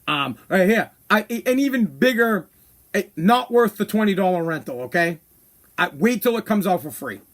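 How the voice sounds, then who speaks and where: Blunt ranting man, high-pitched. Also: expressive, moderate pace, fairly bright tone. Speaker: podcast host. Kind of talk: casual opinion monologue.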